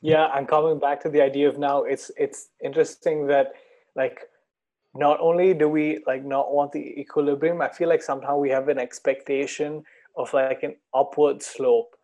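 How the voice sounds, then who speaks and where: Calm man speaking in an even tone. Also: a little high, moderate pace, lo-fi sound. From India. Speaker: podcast guest. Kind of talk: reflective conversation.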